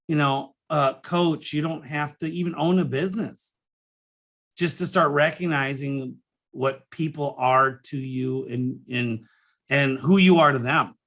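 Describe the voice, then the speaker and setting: A man's voice: fairly high pitch, fairly bright tone. A middle-aged man hosting his own podcast, talking in a rambling, emotional way, with many restarts and fillers and some casual swearing. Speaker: podcast host and business coach. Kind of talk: casual solo podcast monologue.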